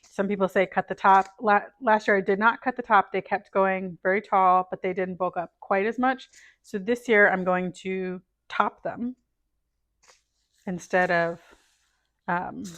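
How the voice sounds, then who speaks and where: Unhurried and with long pauses, a middle-aged woman's voice comes across medium-pitched, fairly even in intonation and fairly bright in tone, with no room sound. She's a gardening vlogger chatting casually as she plants seeds indoors at home, thinking aloud and murmuring while sorting packets.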